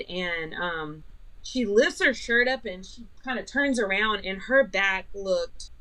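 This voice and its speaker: A woman's voice: medium pitch, fairly bright tone, rough recording. Middle-aged woman, vlogger, chatty rambling storyteller who keeps quoting others. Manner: rambling, retells dialogue, many fillers. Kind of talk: personal storytelling.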